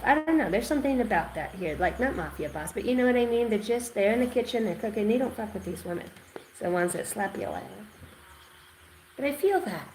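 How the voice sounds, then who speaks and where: A woman giving an intuitive tarot reading, rambling and excitable, repeating words and swearing now and then. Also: mid-range voice, a little hiss or hum, low-quality recording. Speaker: tarot reader.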